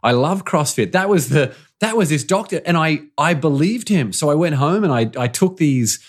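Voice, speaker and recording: A man's voice: fairly high pitch, lively intonation, normal speed. A man, a podcast host, sharing a personal story in casual conversation, often trailing off and restarting his phrases.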